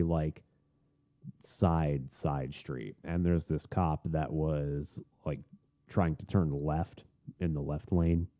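A young man from Florida rants casually on his podcast, swinging from loud, high bursts down to low mutters. His voice is low-pitched and mellow, and his stories wander through restarts and side comments. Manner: animated storytelling with frequent restarts and asides. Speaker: podcast host. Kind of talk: casual ranting monologue.

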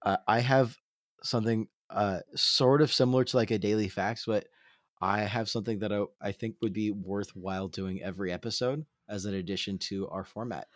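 A man's voice: fairly low pitch, fairly even intonation, a little fast, no room sound. Dry-voiced pun-loving man. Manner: joking, punning, self-deprecating. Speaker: podcast co-host. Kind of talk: casual podcast chat.

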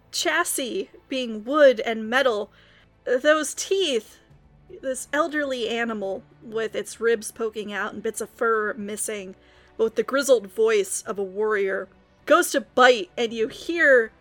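A woman's voice: fairly high pitch, takes it slowly, fairly bright tone, no room sound, faint music behind. A woman running a tabletop game as game master, narrating the action in vivid detail.

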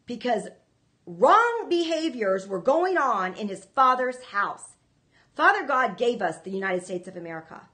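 A woman's voice: on the high side, very animated, unhurried, bright, forceful tone. A woman hosting a ministry show, preaching to viewers in an earnest, emphatic way, often repeating herself. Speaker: ministry host.

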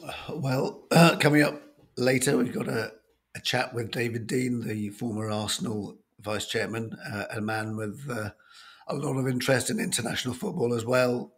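A man in his fifties with a croaky, hoarse voice from a cold, hosting a casual sports chat with plenty of ums and restarts. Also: medium pitch, steady tone. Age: 50s. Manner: halting, with many ums and restarts. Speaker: sports show host.

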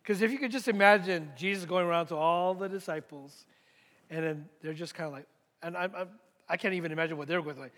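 A high-pitched man delivers a sermon as a pastor, slowing and pausing to drive his points home and repeating them for weight. His voice rings out with a long reverb, as in a large church sanctuary. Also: fairly bright tone. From United States. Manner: deliberate, repeats key points with emphatic pauses.

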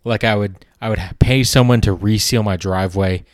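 A man talks through a loose, comedic podcast monologue, rambling from one gripe to the next with a sardonic edge and plenty of swearing. His voice sits fairly low. The sound is dry and close, with no room around it. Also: fairly even intonation, brisk, dry recording. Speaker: podcast host.

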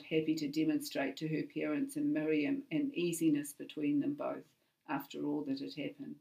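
A woman narrating a family story in an even, measured way. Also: low voice, creaky, far from the mic, low-quality recording.

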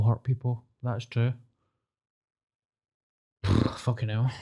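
A man's voice: mid-range voice, fairly even intonation, moderate pace, dark tone. A Glaswegian man co-hosting a podcast, joking bluntly with plenty of swearing. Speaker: podcast co-host. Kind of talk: casual chat.

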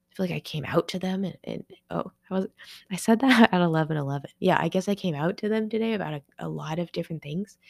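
A woman's voice: fairly low pitch, vocal fry, a little mellow, no room sound, studio quality. A young woman hosting her own podcast, talking through a personal story in an emotional, rambling way, full of "like" and restarted sentences. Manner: emotional and rambling, heavy with filler "like"; searching, restarting sentences while processing aloud. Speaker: podcast host.

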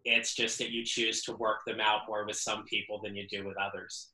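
A man's voice: fairly low pitch, level tone, normal speed, sharp tone, reverberant, poor audio. A man voicing a young Southern woman musing about love, with a put-on Southern drawl. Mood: rueful.

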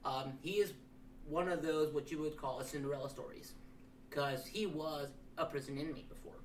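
A man's voice: a little high, steady tone, normal speed. Joking man heard from across a room. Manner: rambling, joking asides. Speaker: podcast co-host. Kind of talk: casual group chat. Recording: roomy, distant mic with faint hiss.

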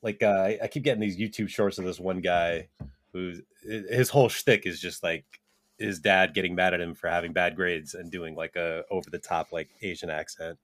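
A man's voice: low-pitched, fairly even intonation, moderate pace, fairly bright tone, dry recording. A young man co-hosting a podcast, telling stories in a loose, rambling way, swearing and laughing often. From Japanese-American. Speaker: podcast co-host. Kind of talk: casual chat, storytelling.

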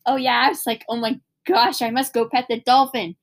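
A young woman chats casually with her mother, her voice pitched a little high. She is easygoing and giggles often as she recalls childhood moments. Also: fairly even intonation, a little fast. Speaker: daughter. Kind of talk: casual family chat.

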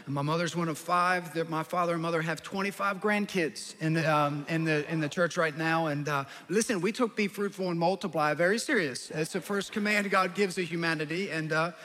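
Man, 30s, from new jersey, pastor, sermon, high bright voice, lively storytelling, long hall echo. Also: fairly quick, few pauses. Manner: animated storyteller, acts out family voices. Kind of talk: sermon with personal stories. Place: large church hall.

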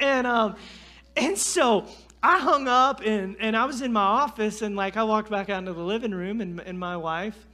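Animated, bright-voiced preacher man. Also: high-pitched, normal speed. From North Carolina. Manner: animated, self-deprecating storyteller. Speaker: guest preacher. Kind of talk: storytelling sermon.

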